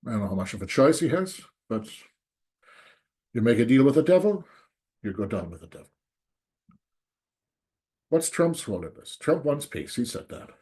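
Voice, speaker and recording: Man, solo commentary, angry, sarcastic, emphatic, warm low-toned voice. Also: sing-song, moderate pace, pauses often. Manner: repeats "there's no doubt" for emphasis. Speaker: political commentator. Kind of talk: solo opinion monologue.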